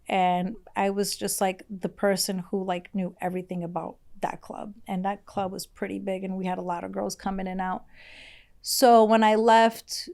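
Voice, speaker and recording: This mid-range, darkish-toned voice belongs to a woman from Brazil appearing as a podcast guest. Her storytelling is casual and interview-style, rambling and frank, peppered with "like" and unapologetic cursing.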